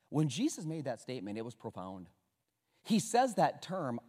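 A man preaching a sermon, joking and swinging from hushed to loud, in an echoey church hall. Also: mid-range voice, very animated, moderate pace. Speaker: pastor.

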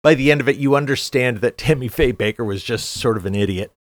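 A man's voice: medium pitch, no echo. A middle-aged man talks through a film in casual podcast chat. He stops and restarts his sentences, loading them with fillers. The sound is dry and close, with no room around it. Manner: halting, many restarts and fillers. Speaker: podcast co-host.

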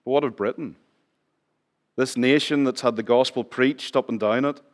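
A middle-aged man preaching a sermon in church, chatting with the congregation, asking them questions and dropping his voice low for emphasis. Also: fairly even intonation, normal speed. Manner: conversational, asks the congregation questions, drops to near whisper for emphasis. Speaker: pastor.

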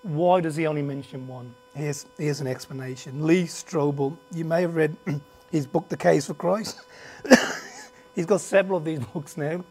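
This preacher's voice is mid-range and somewhat dark and rough, moving at a moderate pace. He teaches a Bible class to a live group from the front of a meeting room, speaking conversationally with restarts and asides. He often presses the audience with emphatic questions and coughs slightly.

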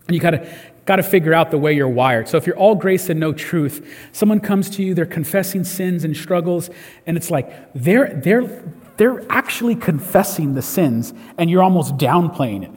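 A man's voice: a little high, expressive, normal speed, darkish tone, slightly rough, long reverb tail. A man preaching a sermon in a conversational way, often restarting his words. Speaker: pastor. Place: church service.

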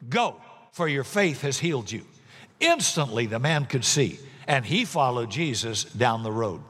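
Lively preaching man in a reverberant hall. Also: mid-range voice, husky. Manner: animated preaching, acts out voices in Bible stories. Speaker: pastor. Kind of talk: sermon.

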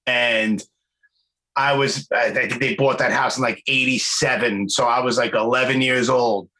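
Bright-voiced New man telling stories. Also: mid-range voice, normal speed, low-quality recording. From New York. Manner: animated storyteller, swears casually. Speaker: podcast host. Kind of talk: casual interview chat.

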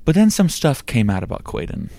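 A man hosting a crude comedy podcast, rambling and swearing in quick bursts. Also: medium pitch, wildly swooping pitch, gravelly, warm tone, dry recording. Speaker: podcast host.

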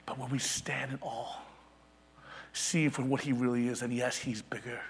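A pastor in his thirties preaching a sermon with passion, moving from loud emphatic peaks down to hushed, near-whispered lines. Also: mid-range voice, little pitch movement, normal speed, a little hiss or hum. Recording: long hall reverb.

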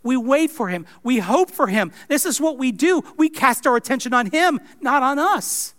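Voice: sits high, expressive, moderate pace, fairly bright tone. A pastor preaching a sermon in a conversational way, with wry asides.

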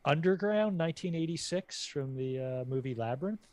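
A man's voice: on the high side, expressive, fairly quick, crowd noise. A man hosting a casual podcast chat, joking and teasing his guests while sharing movie music trivia. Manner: jokey, teasing, trivia-loving. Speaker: podcast host.

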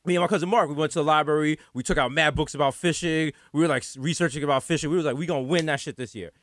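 High-pitched bronx dude w/ ny accent, rapid storytelling, slang, dry close mic. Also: male voice, no room sound. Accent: New York. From the Bronx, New York. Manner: animated storytelling, swearing, slang. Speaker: podcast co-host. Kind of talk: casual comedic chat.

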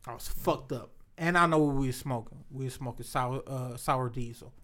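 A man telling loud, profane party stories in a casual group chat, often laughing. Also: medium pitch, moderate pace.

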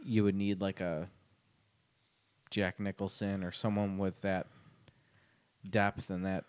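A man's voice: low-pitched, little pitch movement, takes it slowly, clear, resonant tone, no room sound. A man co-hosting a podcast, talking casually and thoughtfully, trailing off as he thinks. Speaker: podcast co-host. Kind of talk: casual chat.

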